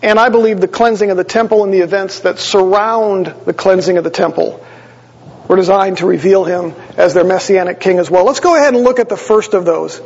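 Male pastor, husky high voice, conversational sermon, dull recording with long reverb. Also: fairly quick, darkish tone. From Wisconsin. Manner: conversational, explanatory, with small asides to the congregation.

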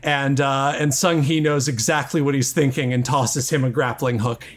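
Male improv guest, playful, excitable narrator. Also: medium pitch, normal speed. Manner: playful, excitable, hesitant fillers. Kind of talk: improvised comedic storytelling.

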